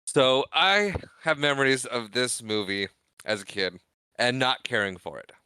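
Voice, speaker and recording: A podcast co-host giving his opinions on a film in a measured, somewhat hesitant way. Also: mid-range voice, pushed and bright, clean tone, dry recording. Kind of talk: casual film review.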